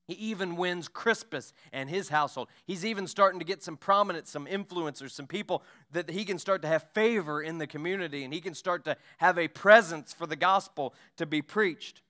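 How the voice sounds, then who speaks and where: A male pastor preaching a sermon, retelling Bible stories with lively acted-out voices. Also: on the high side, smooth. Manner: storytelling preacher acting out Bible scenes. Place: church.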